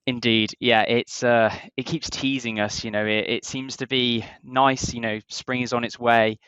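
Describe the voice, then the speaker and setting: A man's voice: medium pitch, little pitch movement, normal speed, fairly bright tone, clear, resonant tone, no echo, dull audio. A British man from Britain chatting as a podcast guest, full of fillers and self-deprecating asides. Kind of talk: casual chat.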